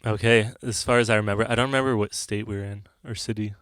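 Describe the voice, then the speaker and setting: A man co-hosting a podcast, telling a story in a casual, animated way with frequent laughter. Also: fairly low pitch, fast, smooth, no room sound, clean studio sound. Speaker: podcast co-host, band member.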